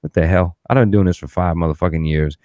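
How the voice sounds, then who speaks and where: A man's voice: sits low, steady tone, quick pace, darkish tone, dry recording, lo-fi sound. A man hosting a podcast, telling stories in a loose, profane, ranting way. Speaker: podcast host. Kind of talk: casual podcast chat.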